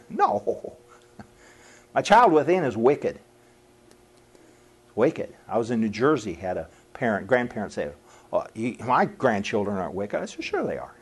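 A middle-aged man preaching a sermon to a live audience in a folksy, animated way, laughing at his own lines and acting out quoted voices. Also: medium pitch, slightly rough.

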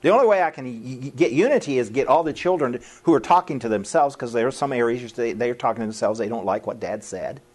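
A middle-aged man preaches in a folksy, conversational way, chuckling at his own remarks and putting on quick voices for quoted people. His husky voice swoops up and down with lively pitch. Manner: folksy and animated, laughing at his own lines and acting out quotes. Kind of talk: sermon to a live audience.

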